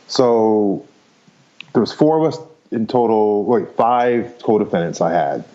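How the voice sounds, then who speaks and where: Deep-voiced man telling his story. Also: unhurried, highs cut off. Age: 50s. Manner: frank, rambling, laughs easily, swears casually. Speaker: podcast guest. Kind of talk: candid storytelling interview.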